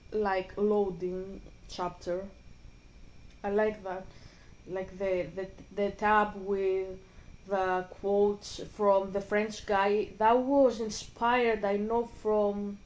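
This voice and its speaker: A Greek gaming vlogger, a woman whose first language is Greek, chats casually while playing a video game. Her voice sits at a medium pitch and the sound is lo-fi. She rambles, speaks frankly, and swears casually.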